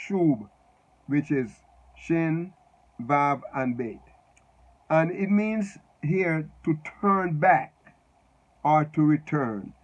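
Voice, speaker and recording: Guy teaching bible verses slow and halting, keeps repeating words, muffled lo-fi sound. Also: on the high side. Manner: halting, repeats words while explaining Hebrew letters.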